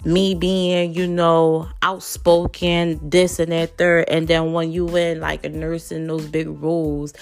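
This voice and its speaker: A woman's voice: low-pitched, level tone, takes it slowly, few pauses, a little mellow. Blunt, profane young woman hosting a podcast. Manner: loose and rambling, lots of fillers. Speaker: podcast host. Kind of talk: casual monologue.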